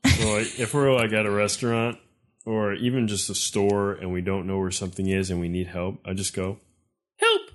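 A man's voice: on the low side, little pitch movement, brisk. A man speaking as a podcast guest in casual chat, joking and emphatic.

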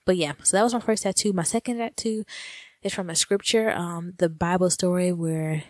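A young woman, co-hosting a podcast, telling stories in a casual, animated way and laughing often. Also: lowish voice, normal speed, dry recording, clean studio sound. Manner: animated, laughing often, addresses listeners as y'all. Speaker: podcast co-host. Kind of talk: casual storytelling chat.

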